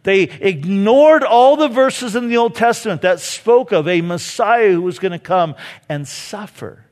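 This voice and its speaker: Animated preacher in a reverberant hall. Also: male voice, high voice, measured pace. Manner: animated preaching, acting out quoted voices. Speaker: pastor. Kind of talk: sermon.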